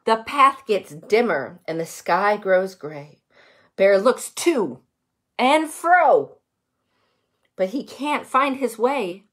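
A woman reading a picture book aloud to young children, gentle and expressive, stopping to comment on the pictures and ask the kids questions. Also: medium pitch, slow. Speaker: children's story reader.

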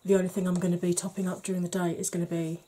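A woman's voice: fairly low pitch, flat delivery, racing, mellow. A middle-aged woman chatting frankly to camera in a makeup review, slipping into a half-whisper while she blends and cracking dry jokes. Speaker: beauty vlogger.

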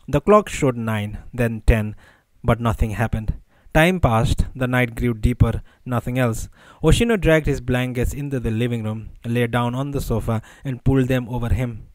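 A man narrating an audiobook in a measured, even storytelling voice. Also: mid-range voice, no echo, low-quality recording.

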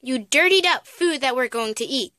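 A woman playing a stern mother who scolds her daughters with sharp commands. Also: high-pitched, animated, normal speed, dry recording. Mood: scolding.

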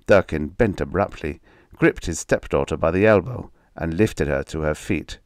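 A man with a very deep voice reading a story aloud as audiobook narration. His delivery is measured and dramatic. The sound is close and dry, with no room around it. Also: no room sound.

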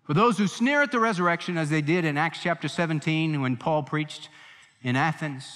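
Male pastor, high-pitched, fervent pulpit delivery, reverb of a church hall. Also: expressive, moderate pace, fairly bright tone. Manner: impassioned preaching, voicing quotes with emphasis. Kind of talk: sermon.

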